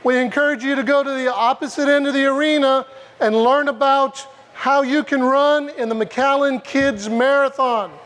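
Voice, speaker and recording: A man making brisk stage announcements at a festival. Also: very high voice, fairly bright tone. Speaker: event announcer.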